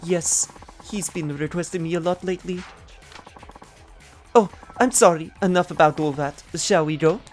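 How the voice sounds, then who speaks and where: A man's voice: a little high, normal speed, long pauses, soft background music, pitched above the performer's own voice, natural voice. A man putting on a sweet young hostess. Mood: cheerful. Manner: sweet and polite. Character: cheerful young woman, a polite club hostess. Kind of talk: reading game dialogue aloud.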